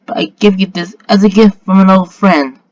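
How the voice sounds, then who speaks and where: A man voicing a kindly old king who speaks low, gentle and measured. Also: fairly even intonation, no room sound, dull audio, natural voice.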